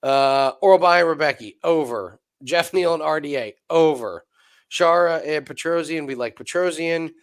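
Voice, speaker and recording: A man co-hosting a sports betting show, talking through fight picks in loose, rambling casual chat full of restarts and quick asides. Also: on the high side, smooth. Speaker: betting podcast co-host.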